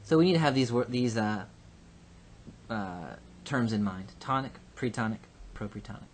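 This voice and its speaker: A man teaching a recorded Hebrew grammar lesson. He explains patiently and slowly, with frequent ums and uhs. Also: mid-range voice, lively intonation, slight background noise. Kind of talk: recorded lecture.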